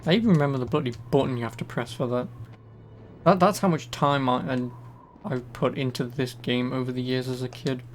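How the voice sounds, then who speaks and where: Chatty streamer, swearing freely. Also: male voice, medium pitch, fairly quick, slight background noise. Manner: chatty, swears, jokes about the game. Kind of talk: casual gameplay commentary.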